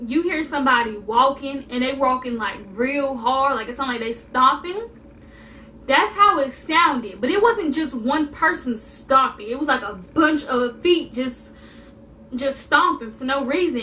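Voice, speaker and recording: Young woman, high and bright, sassy storytelling vlogger, a bit off-mic. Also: far from the mic, slight background noise. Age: young adult. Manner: animated, sassy, repeats for emphasis. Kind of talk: casual storytime vlog.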